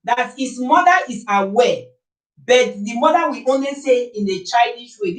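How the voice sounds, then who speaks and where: A woman's voice: a little high, lively intonation, measured pace, far from the mic. A woman with a Nigerian accent talking to her live-stream viewers, making her case with repeated rhetorical questions. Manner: forceful, rhetorical, repeats points. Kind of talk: opinionated live-stream talk. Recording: echoey room, voice off-mic.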